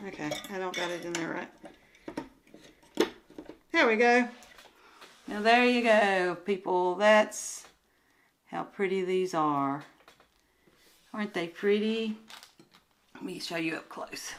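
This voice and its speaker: Older woman with a Southern drawl, rambly unboxing chat on a handheld phone, easy unhurried pace. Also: mid-range voice, slight background noise, low-quality recording. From Southern United States. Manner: rambling, chatty, often trails into soft murmurs. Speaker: crafts vlogger and booth vendor. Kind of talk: casual unboxing chat to camera. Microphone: handheld phone camera.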